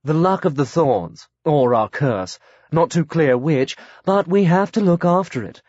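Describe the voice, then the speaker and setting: A man's voice: on the high side, lively intonation, measured pace, darkish tone, no room sound, pitched above the performer's own voice. A man voicing a brusque, aloof older upper-class woman who talks in clipped sentences. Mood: curt. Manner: clipped, drops subjects from sentences. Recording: dry, slightly dull audiobook recording.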